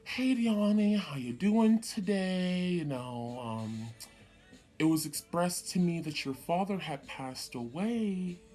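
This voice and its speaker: A male school principal talks slowly in a low, measured, quiet voice, as a woman puts him on. He stays calm and flat throughout. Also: faint music behind.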